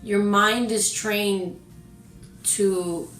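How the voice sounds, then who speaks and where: Bright-voiced woman who stutters. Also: medium pitch, very slow. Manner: stutters, restarts words; animated, emphatic. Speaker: co-host. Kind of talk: casual chat. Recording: echoey room with faint music.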